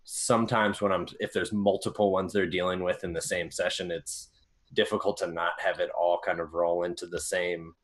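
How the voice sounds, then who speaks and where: A man guest talking thoughtfully about his game voices, slow and full of fillers. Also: low voice, level tone. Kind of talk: casual chat.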